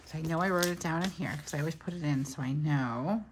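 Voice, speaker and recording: A woman's voice: deep voice, fast talker, noisy background. A woman in her thirties chatting casually while she plans in her journal, telling stories with lots of asides. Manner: chatty, storytelling, trails off into asides. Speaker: planner vlogger. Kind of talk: casual chat while planning.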